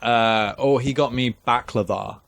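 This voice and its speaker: A man's voice: medium pitch, measured pace, vocal fry, fairly bright tone. A young man co-hosting a casual chat, rambling through a story with restarts and fillers. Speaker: podcast co-host.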